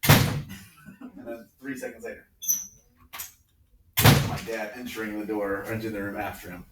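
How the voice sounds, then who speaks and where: A man in his fifties, a teacher, telling family stories in casual class talk and acting out the people he quotes in squeaky high voices. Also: fairly even intonation, measured pace, very noisy. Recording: echoey classroom from far off.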